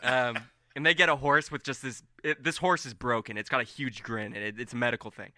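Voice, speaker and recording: A young man narrating as game master of a tabletop game, animated and rambling with fillers. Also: mid-range voice, brisk, no room sound, clean studio sound.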